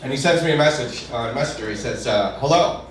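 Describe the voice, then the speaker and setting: A man with a mid-range voice rattles quickly through a stand-up routine, storytelling conversationally and shouting the payoffs. It's captured at a distance in an echoey comedy club, with a little hiss or hum and the live audience laughing.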